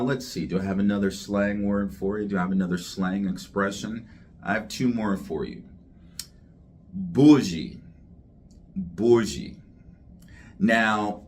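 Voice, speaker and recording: A man teaching English slang, speaking slowly and deliberately, repeating each word for learners. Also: fairly low pitch, slight background noise. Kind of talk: slang vocabulary lesson to camera.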